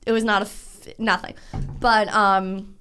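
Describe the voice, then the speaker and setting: A woman co-hosting a podcast in casual chat, telling stories in an animated, rambling way with many restarts. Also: mid-range voice, a little slow, clear, resonant tone. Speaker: podcast co-host.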